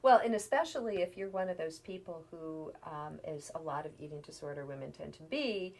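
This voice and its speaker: A middle-aged woman talks through ideas in an unhurried, explanatory way, her voice sitting a little on the low side. At times she drops almost to a whisper before picking back up. It sounds like a relaxed one-on-one interview. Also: slight background noise. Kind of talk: conversational interview.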